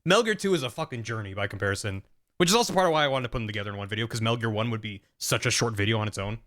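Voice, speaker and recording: Man, casual stream commentary, fast pace, rambling, restarts. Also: lowish voice, expressive, fairly bright tone.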